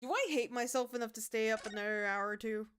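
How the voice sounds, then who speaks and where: A young woman streaming a game, chatting casually, swinging from mumbles to excited outbursts, swearing and laughing as she tells stories. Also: a little high, fast, slight background noise. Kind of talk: casual livestream chat while gaming.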